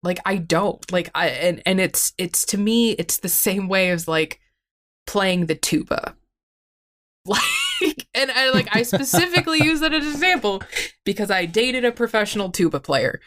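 A woman's voice: mid-range voice, lively intonation, moderate pace, a bit bright, a little hiss or hum. A woman talking candidly and tearfully in a therapy-style conversation, rambling with frequent "like" and frequent swearing, self-critical.

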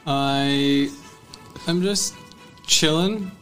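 A man playing in a tabletop game, laid-back and deadpan. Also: fairly high pitch, extremely slow, faint music behind. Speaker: player.

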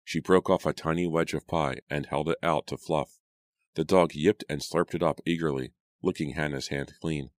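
Very deep-voiced male audiobook narrator. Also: dry recording. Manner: steady, measured storytelling. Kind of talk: scripted narration.

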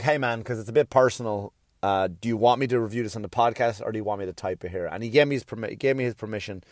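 A man's voice: lowish voice, a little mellow, dry recording, clean studio sound. A middle-aged man hosting his own podcast in a casual, rambling monologue, stammering and restarting often and swearing offhandedly. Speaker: podcast host.

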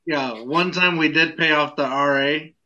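A young man tells a rambling story in casual chat and fills the gaps with ums. His voice is bright and a little high. The sound is dull and lo-fi. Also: fairly even intonation, unhurried. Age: young adult. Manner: rambling, searches for words with many fillers.

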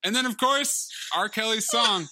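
Bright, high-voiced man co-hosting a podcast. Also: moderate pace, a little hiss or hum. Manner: animated, laughing, listing highlights. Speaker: podcast co-host. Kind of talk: casual chat.

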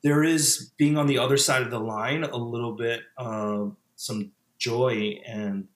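A former pastor in his thirties talks as a podcast guest in a casual conversational interview. His medium-pitched voice is steady and measured, with a roomy sound, and he reflects in a relaxed way, often using fillers and restarting sentences.

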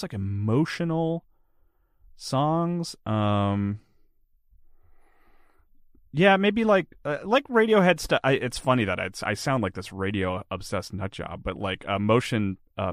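This interview guest has a lowish voice that swings widely in pitch, and he takes his time. The recording is dry and studio quality, and he chats casually, meandering and leaning heavily on "like."

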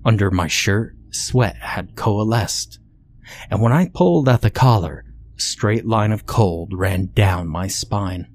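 A man with a somewhat low voice reads a horror story in a measured, somber way. His delivery is scripted and steady, a storyteller's narration.

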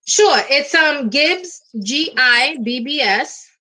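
A middle-aged woman, a guest on a talk show, telling a personal story in an emotional, animated way with acted quotes. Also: sits high, takes it slowly, rough recording.

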